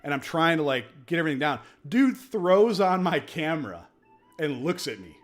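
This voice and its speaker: A man's voice: a little high, very animated, moderate pace, faint music behind. A man streaming casually from his home office, telling a story in a profane, emphatic way. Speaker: crypto streamer. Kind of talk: casual livestream chat.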